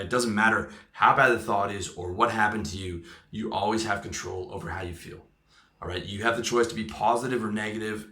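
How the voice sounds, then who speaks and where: A man giving a motivational coaching talk, pressing each point with a quick "okay?" or "right?". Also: on the low side, sharp tone, reverberant. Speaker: sales coach. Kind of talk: motivational monologue.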